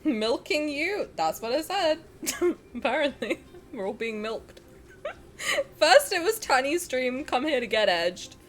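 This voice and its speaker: A woman's voice: sits high, very animated, unhurried, a little hiss or hum. A young woman streaming, chatting casually with crude jokes and lots of giggling, and reading story text aloud between remarks. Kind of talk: casual reaction stream chat.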